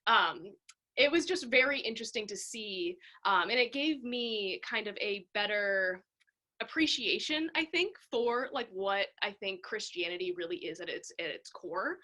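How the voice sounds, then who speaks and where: A woman's voice: mid-range voice, expressive, moderate pace, pushed and bright. A woman hosting a casual interview, talking in a bubbly, self-deprecating way with lots of fillers. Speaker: podcast host.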